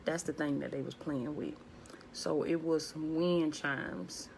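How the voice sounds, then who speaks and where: A woman with a low voice talks casually to a live-stream audience from her home. Her delivery is laid back and hushed, and she greets viewers by name as she goes. A faint noise sits under the phone recording. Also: steady tone, unhurried, creaky. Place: at home, indoors.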